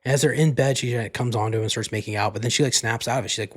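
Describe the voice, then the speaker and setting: Fast-talking man, rambling movie recap. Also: medium pitch, breathy edge. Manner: rambling, fillers like "like" throughout, casual swearing. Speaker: podcast host.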